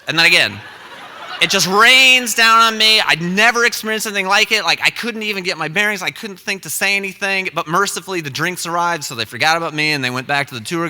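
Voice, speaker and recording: Young man, live storyteller, comic and self-deprecating, very bright voice, reverberant hall. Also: fairly high pitch, fairly quick, smooth. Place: stage at a story slam.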